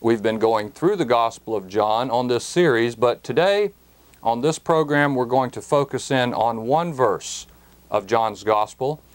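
Slow, deliberate male Bible teacher. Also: mid-range voice. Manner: slow, deliberate, emphatic on key words.

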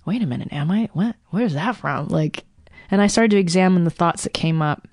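A woman's voice: lowish voice, expressive, fairly quick, a little mellow, no room sound, clean studio sound. A woman guest on a podcast, talking candidly and self-deprecatingly and swearing freely. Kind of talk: candid conversation.

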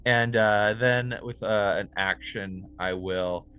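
A man playing an online tabletop game, energetic and playful, declaring his attacks with gusto and the odd swear. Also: on the low side, slow, slight background noise. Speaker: player.

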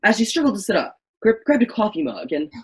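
A woman's voice: medium pitch, big pitch swings, quick pace, darkish tone, low-quality recording. A woman reading the narration of an amateur virtual stage play in a melodramatic way, often stumbling and restarting lines.

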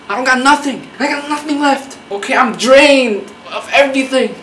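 Bright mock-furious male comedian ranting. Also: extremely high pitch, normal speed, hardly any pauses, reverberant, far from the mic, slight background noise, rough recording. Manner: mock-angry, profane, sarcastic. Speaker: YouTube comedian. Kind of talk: comedic rant to camera.

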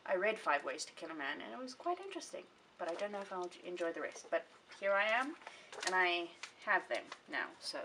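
In this casual book vlog, a young woman's lowish voice sounds very animated, pushed and bright, moving fairly quickly as she rambles and keeps fixing her sentences partway through. The mic picks her up from a little distance, with faint hiss underneath.

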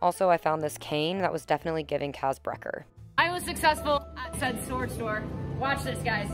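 A woman's voice: mid-range voice, fairly quick. A woman hosting a casual vlog from a car, talking with a Valley Girl lilt. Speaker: vlogger host. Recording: loud background music.

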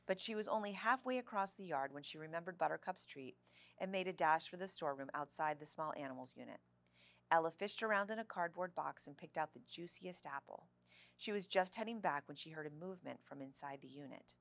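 A woman reading a children's novel aloud in an expressive storybook way. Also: sits low, fairly quick, creaky, no echo.

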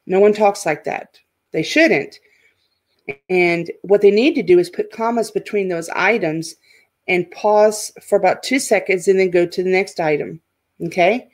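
A woman's voice: medium pitch, a little slow, a little mellow. Woman, elementary teacher, board lesson, patient, repeats key points, checks in often.

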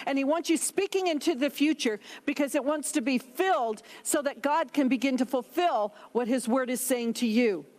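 A woman's voice: high-pitched, a little mellow. A woman pastor preaching a sermon, emphatic, reading scripture aloud between her own words.

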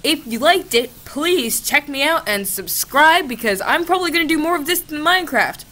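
A high-pitched, animated, sharp-toned voice at normal speed belongs to a young woman filming a casual video at her home laptop. She's a gaming creator, and she swears often as she chats with a chatbot, giggling and sarcastically pretending to be exasperated.

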